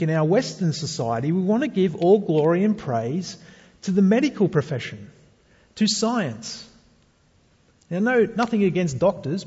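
A man's voice: sits high, mellow, slightly rough. A male pastor preaching a sermon, earnest and speaking to the congregation with rhetorical questions. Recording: dull sound with long hall reverb.

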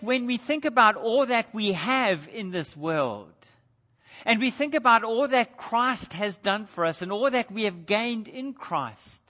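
Male preacher with a high-pitched voice, earnest and emphatic, in a long-reverb hall on a dull recording. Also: sharp tone. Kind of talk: sermon.

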